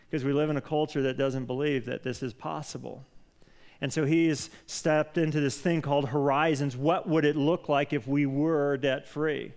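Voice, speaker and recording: A man preaching a casual, excitable sermon in a church, often restarting his sentences. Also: fairly high pitch. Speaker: pastor. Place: church sanctuary.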